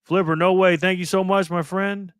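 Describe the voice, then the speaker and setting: A man hosting a casual livestream, calling out viewers and donations with upbeat shout-outs. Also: high voice, little pitch movement, moderate pace, clear, resonant tone, dry recording, clean studio sound. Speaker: livestream host.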